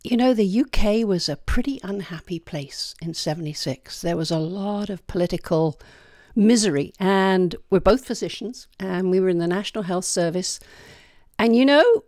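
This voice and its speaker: An older British woman, a retired physician from the United Kingdom, tells her life story in a casual interview as a chatty, candid storyteller. Her mid-range voice is slightly mellow and moderately paced, captured in a dry, studio-quality recording.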